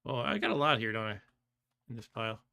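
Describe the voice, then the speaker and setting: A man's voice: mid-range voice, sing-song, quick pace, vocal fry, pushed and bright. A man casually commenting on his own game during a live stream, thinking aloud, trailing off and laughing often. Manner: chatty, laughs often, reads chat aloud. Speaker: streamer playing a computer game.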